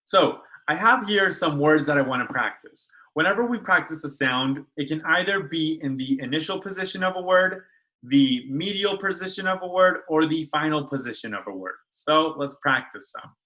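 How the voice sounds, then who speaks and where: A man's voice: on the high side, animated, moderate pace, bright, forceful tone, rough recording. A man speech therapist teaching children how to make speech sounds in a video lesson, carefully modeling each sound. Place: school.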